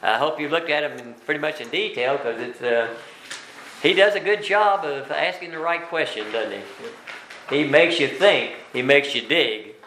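Bible class teacher in an echoey room. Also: male voice, fairly high pitch, moderate pace, pushed and bright, a little hiss or hum. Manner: explains word by word, asks rhetorical questions. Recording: roomy room echo.

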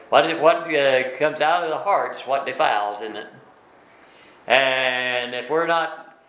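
A man leads a Bible study in a bright, forceful voice, recorded in an echoey room. His speech is plain and folksy, with frequent "uh"s and rhetorical questions aimed at the group. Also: on the high side. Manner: asks rhetorical tag questions. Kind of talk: conversational Bible teaching.

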